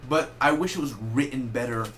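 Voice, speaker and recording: A casual movie review comes from a young man whose voice sits at a medium pitch. Rambling and self-correcting, he stays animated and slips in rapid asides, while a slight hiss or hum runs underneath.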